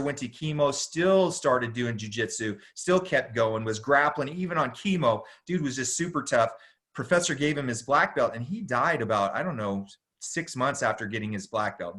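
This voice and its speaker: A middle-aged man with a medium-pitched voice, a jiu-jitsu instructor appearing as a podcast guest, tells a long story in a casual, animated way, packed with slang and "dude".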